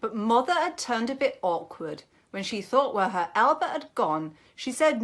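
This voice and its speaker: A woman giving a lively recital of a comic verse monologue, raising her voice for the characters. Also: medium pitch, a little slow, hardly any pauses.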